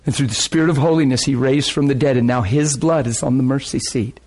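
A man preaching a sermon, telling a testimony story with excitement, laughing often and repeating phrases. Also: mid-range voice, a little fast.

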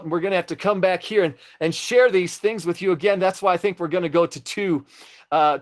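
A middle-aged man preaching a sermon, impassioned and exhorting, often turning to address his listeners directly. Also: high-pitched.

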